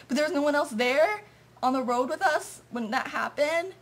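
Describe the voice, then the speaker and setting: High-voiced woman rambling through a story. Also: a little fast. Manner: rambling, lots of "like" and "and so". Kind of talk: casual confessional storytelling.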